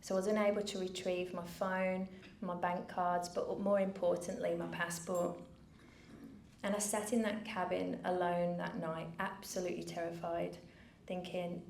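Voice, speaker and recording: A middle-aged woman giving a personal speech from a stage, earnest and measured with dry asides. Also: lowish voice, flat delivery, creaky, a little mellow. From United Kingdom. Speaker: founder giving a keynote speech. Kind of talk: personal story told from a stage. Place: event venue with a live audience. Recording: roomy venue, faint background noise.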